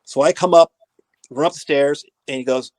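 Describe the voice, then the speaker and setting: A middle-aged man, a former assistant equipment manager, telling lively anecdotes and acting out the dialogue. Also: a little high, normal speed, no echo. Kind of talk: storytelling in a podcast interview.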